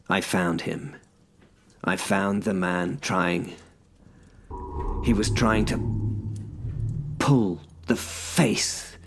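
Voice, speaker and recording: A man's voice: deep voice, creaky, breathy edge. A man narrating a first-person story in a dry, wry storytelling manner.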